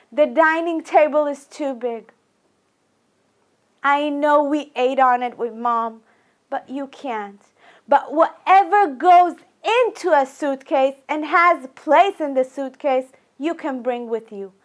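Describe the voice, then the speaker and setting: Woman doing a soft pleading dad, slow and high, keeps repeating himself. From Iran. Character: gentle pleading father talking to his daughter.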